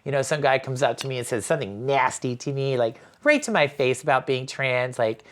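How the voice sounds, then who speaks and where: Woman guest with an unusually deep voice, loose conversational storyteller. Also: animated, brisk. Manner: rambling, heavy use of "you know" and "like"; acts out quoted voices while telling stories. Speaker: podcast guest, spirits brand co-owner. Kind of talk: casual interview chat.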